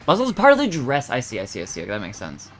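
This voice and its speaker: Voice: medium pitch, wildly swooping pitch, rapid-fire, faint music behind. A streamer thinking aloud while solving word puzzles, muttering guesses and laughing often.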